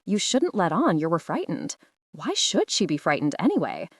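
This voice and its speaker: A woman narrating a literary short story audiobook in a measured, expressive storytelling manner. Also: on the low side, dry recording, studio quality.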